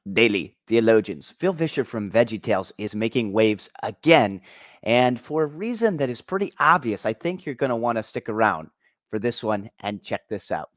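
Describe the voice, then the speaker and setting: A man's voice: lowish voice, expressive, normal speed. A man hosting an opinion commentary vlog, talking in an emphatic, argumentative way. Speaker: commentary channel host.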